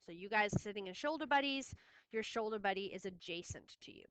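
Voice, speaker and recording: A woman's voice: mid-range voice, expressive, brisk, fairly bright tone, clear, resonant tone, no room sound. A woman teaching a math lesson, firm and repeating key steps for her students. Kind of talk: classroom lesson recording.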